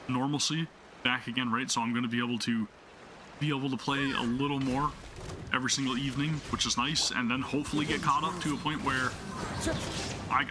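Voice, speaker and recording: A man hosting a gaming channel, chatting casually with enthusiasm while he plays, rambling with lots of fillers. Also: medium pitch. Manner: rambling, full of fillers and restarts. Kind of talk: casual gameplay commentary.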